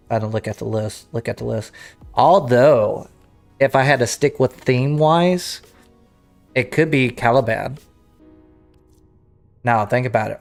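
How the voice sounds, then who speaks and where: A man streaming a game, chatting casually with his viewers and thinking aloud as he restarts his sentences. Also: mid-range voice. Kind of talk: casual livestream chat to viewers.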